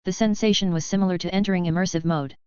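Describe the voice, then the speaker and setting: A woman narrates a web novel audiobook in a steady, even manner. Her voice sits low and sounds very smooth and clear. The recording is dry, with a slightly dull, lo-fi tone. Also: very fast, no echo.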